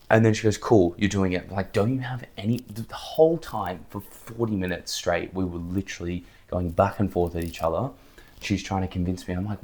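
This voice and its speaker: A man's voice: low voice, moderate pace, darkish tone. A man vlogging, fired up and emphatic as he rambles through motivational talk and a story.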